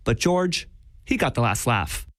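Man, scripted radio narration, playful teasing, mid pitch, music underneath. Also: very animated, a little slow.

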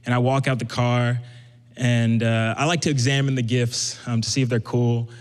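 A young man from Brooklyn, USA, tells a personal story on stage in a smooth, medium-pitched voice at a moderate pace. He's conversational and animatedly acts out the people he quotes, and the hall sounds echoey.

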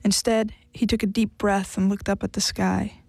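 A woman giving an audiobook narration in an even, measured storytelling manner. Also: medium pitch, vocal fry, breathy edge, dry recording.

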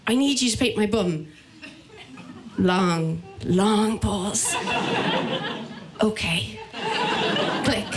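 A woman with an Irish accent telling a personal story, lively and acting out the people she quotes. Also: mid-range voice. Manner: lively, acts out other voices in quotes. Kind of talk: personal story told to an audience.

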